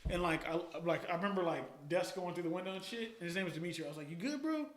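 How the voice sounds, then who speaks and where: A man talks fast and animatedly, his voice high-pitched and bright. He tells stories in casual, slangy, profane chat as a podcast guest and laughs often. The room around him is echoey. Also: fairly even intonation.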